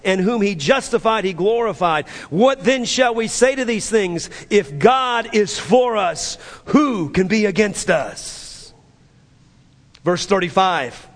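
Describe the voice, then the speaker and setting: A male pastor delivers a fervent sermon in a high-pitched voice with lively intonation. He reads scripture quickly, then slows for emphasis and repeats phrases for the congregation.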